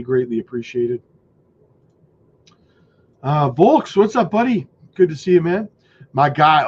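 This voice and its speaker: A man hosting a casual crypto livestream, greeting viewers by name, his voice going hoarse. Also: a little high, slight background noise. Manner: chatty, shouts out viewers by name. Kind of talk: casual livestream chat reading comments. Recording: dull lo-fi audio.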